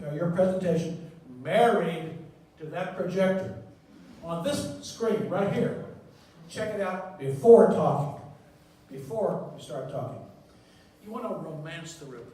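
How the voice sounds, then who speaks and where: Man, higher voice, emphatic lecturer, repeats words, echoey hall from far off. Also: slight background noise. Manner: emphatic, repeats key words, swings loud and soft. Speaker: surgeon lecturing on presenting. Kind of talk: conference talk. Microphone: handheld mic.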